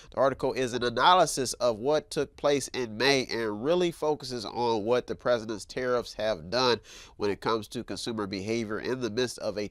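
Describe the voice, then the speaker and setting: A man's voice: on the low side, a bit bright, dry recording. A man hosting a news commentary show, talking emphatically and repeating himself, calling his listeners folks. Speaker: show host.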